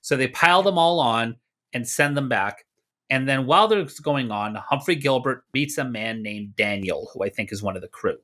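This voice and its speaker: Man, from Canada, podcast co-host, bright tone, lively storytelling, jokey asides. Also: mid-range voice, normal speed. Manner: animated, jokey, slips into mock voices for quotes. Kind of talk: casual history storytelling.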